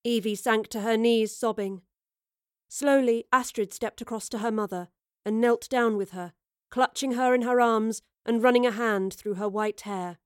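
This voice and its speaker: A woman narrating a fantasy audiobook in a steady, expressive storytelling voice. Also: on the high side, moderate pace, smooth, no echo, clean studio sound. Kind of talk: scripted narration.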